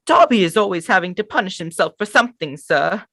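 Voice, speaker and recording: A woman's voice: mid-range voice, expressive, fairly quick, fairly bright tone, dry recording, pitched above the performer's own voice. Young woman doing Dobby, a strained house-elf. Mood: servile. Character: squeaky timid male house-elf.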